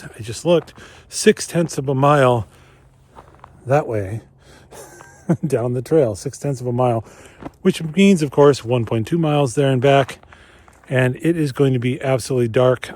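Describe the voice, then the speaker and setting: A man's voice: medium pitch, a little mellow. A man from Minnesota narrating a casual geocaching vlog outdoors on a winter trail, chatty and enthusiastic, talking straight to his viewers. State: slightly out of breath while walking fast. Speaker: geocaching vlogger.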